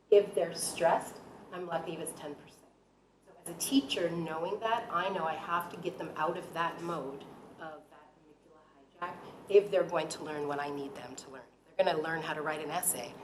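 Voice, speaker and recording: A middle-aged woman, a high school teacher, explaining brain science to parents in an animated way, with many fillers. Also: slight background noise, low-quality recording. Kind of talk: presenting at a parent talk.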